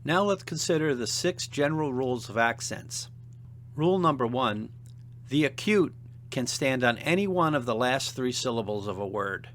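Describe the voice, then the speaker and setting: A man teaching a seminary language lesson in a measured, deliberate, scripted narration. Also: medium pitch, lively intonation, fairly bright tone, slight background noise. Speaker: seminary instructor.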